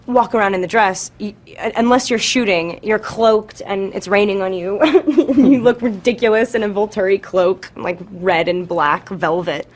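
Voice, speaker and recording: A woman's voice: medium pitch, moderate pace, few pauses. Rambling, laughing young woman interviewee. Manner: rambling, full of "like", swears, laughs often. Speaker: actress guest. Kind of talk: casual interview chat.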